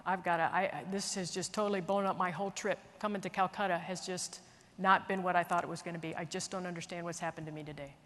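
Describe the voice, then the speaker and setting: A woman's voice: on the low side, steady tone, fast talker, hardly any pauses, a bit bright, close to an everyday voice. A woman playing a proud, frustrated male doctor, muttering under his breath, heard in a hall with long reverb.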